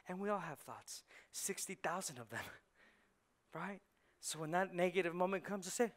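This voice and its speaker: Animated high-voiced male pastor preaching. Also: brisk. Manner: animated preaching, acting out inner voices, rhetorical questions. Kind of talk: sermon. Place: church sanctuary.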